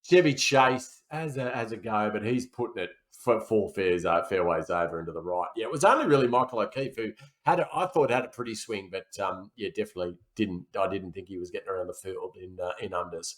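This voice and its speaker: A man's voice: lowish voice, animated, a little fast, few pauses. A man co-hosting a film podcast, chatting casually in rambling, self-correcting banter. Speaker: podcast co-host. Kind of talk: casual chat.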